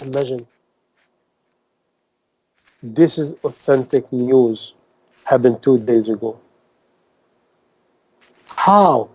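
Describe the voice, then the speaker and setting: Male preacher, emphatic sermon, non-native English, rhetorical questions, mellow dark tone, mid pitch. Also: drawn-out words, pauses often, poor audio. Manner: emphatic, repeats phrases, fires rhetorical questions. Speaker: Islamic preacher. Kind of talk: impassioned sermon talk.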